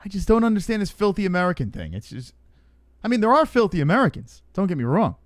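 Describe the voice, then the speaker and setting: A man co-hosting a casual podcast, animated and cursing freely as he runs through fight picks. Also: high-pitched, fast, no echo, clean studio sound. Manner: animated, swears often, mocks critics. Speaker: co-host.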